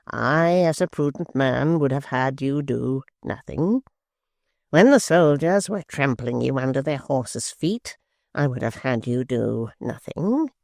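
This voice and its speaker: A reader voicing a sly, smooth-talking male secretary who speaks coldly and slowly, sometimes close to a whisper. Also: medium pitch, darkish tone, no room sound. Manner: silky, slow and cold, sometimes near a whisper. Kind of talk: audiobook character voice.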